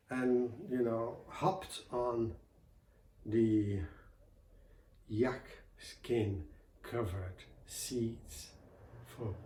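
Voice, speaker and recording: A man telling a folk tale in a soft-spoken, unhurried way, dropping his voice for the characters' lines. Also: mid-range voice, a little hiss or hum. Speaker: storyteller. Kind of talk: oral folk tale storytelling. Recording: roomy, distant mic with faint ambience.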